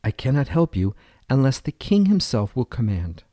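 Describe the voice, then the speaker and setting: A man voicing a wise young shepherd boy who speaks in a gentle, tender manner. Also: medium pitch, very animated, normal speed, no echo, clean studio sound, natural voice.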